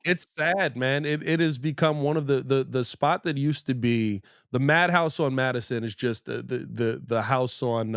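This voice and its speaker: A man's voice: fairly high pitch, no room sound, studio quality. Young man rambling about sports. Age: young adult. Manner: rambling, excitable, frequent restarts. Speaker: podcast host. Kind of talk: casual sports podcast banter.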